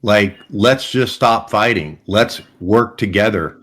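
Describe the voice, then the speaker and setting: A man's voice: fairly low pitch, slow pace, a bit bright. A man voicing an earnest adult male survivor in a tabletop game, making a blunt, persuasive plea for peace.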